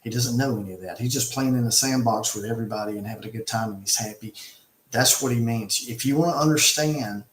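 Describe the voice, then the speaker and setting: Man, middle pitch, emphatic storyteller with lots of restarts, casual chat, echoey room sound. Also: fast talker, slight background noise. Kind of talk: casual conversation, retelling a film.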